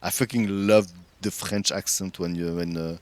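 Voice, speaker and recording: A man's voice: low-pitched, steady tone, normal speed. A man streaming a game, chatting casually with viewers and thinking aloud about his moves, often restarting his sentences. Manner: rambling, many restarts, chats with viewers while thinking aloud. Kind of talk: casual stream chat while playing.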